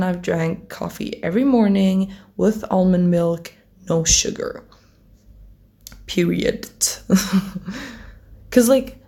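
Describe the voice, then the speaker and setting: A woman's voice: mid-range voice, mellow. A teenage girl chatting casually to camera as a vlogger, rambling, giggling often and swearing offhandedly. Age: teens.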